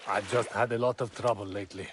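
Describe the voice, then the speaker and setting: An actor playing a drunk, hungover slave owner in a video game, rambling and excitable. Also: male voice, lowish voice, quick pace, slight background noise, close to an everyday voice. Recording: game audio with faint ambience.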